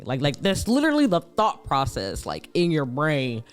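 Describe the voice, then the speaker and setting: A young man from Gary, Indiana, co-hosting a podcast in casual chat, animated and quick to laugh as he acts out other people. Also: on the high side, smooth, soft background music. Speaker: podcast co-host.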